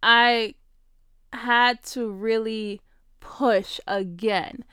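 Young woman, very smooth clear voice, dry close sound, casual animated storytelling. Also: fairly high pitch, drawn-out words, no echo. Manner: animated, acts out quoted dialogue, frequent "like". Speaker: vlogger.

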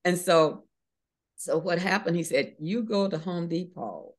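A woman's voice: on the low side, measured pace. A middle-aged woman giving an earnest faith testimony in an interview, with fillers and restarts, acting out voices in her story.

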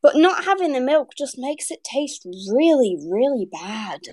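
A woman's voice: high-pitched, big pitch swings, measured pace, darkish tone, slight background noise. A young woman with a British accent, chatting on a podcast in a chatty, giggly, self-deprecating way. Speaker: podcast guest. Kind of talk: casual chat.

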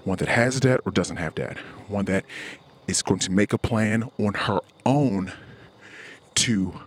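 Husky, profane man ranting on a podcast. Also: on the low side, measured pace. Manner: blunt, profane, heated ranting. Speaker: podcast host. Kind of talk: casual podcast monologue.

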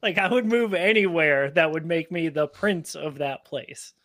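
A man's voice: fairly high pitch, unhurried, fairly bright tone. A man teasing his friends in casual podcast chat. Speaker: podcast co-host.

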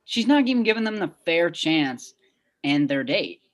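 A young woman co-hosting a podcast in casual chat, recapping events in a measured way. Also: fairly low pitch, very animated. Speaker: podcast co-host.

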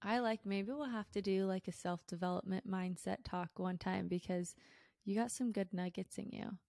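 A woman's voice: mid-range voice, fairly even intonation, moderate pace, vocal fry, a little mellow, no echo, studio quality. A young woman co-hosting a podcast, upbeat and playful, teasing her co-host and wrapping up the show. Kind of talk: casual chat.

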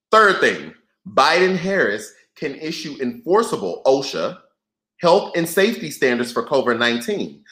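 A man hosting a live political podcast, reading and reacting to viewers in a lively, direct way. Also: medium pitch, echoey room, rough recording. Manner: animated, talks straight to viewers. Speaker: podcast host. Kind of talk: live-stream political commentary.

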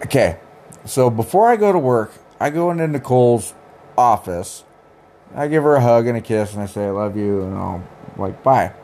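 A man's voice: medium pitch, lively intonation, moderate pace, warm tone, a little hiss or hum. A young adult man co-hosting a casual podcast, joking, teasing and swearing casually. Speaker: podcast co-host. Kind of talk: casual chat.

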